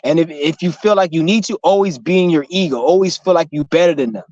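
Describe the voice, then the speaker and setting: A man's voice: a little high, fast, darkish tone, no room sound. A young man giving a casual motivational rant to his viewers, blunt and profane, rambling with frequent restarts. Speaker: vlogger. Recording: slightly muffled lo-fi recording.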